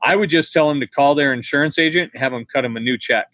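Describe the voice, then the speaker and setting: A man's voice: a little high, fast talker, a bit bright, dry recording. A man and former body shop owner, explaining and advising in casual shop talk.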